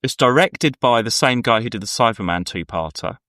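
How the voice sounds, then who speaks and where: A man co-hosting a podcast chats casually, rambling through anecdotes and acting out the people he quotes. His mid-range voice is animated and brisk with a sharp tone. The recording has no echo and studio quality.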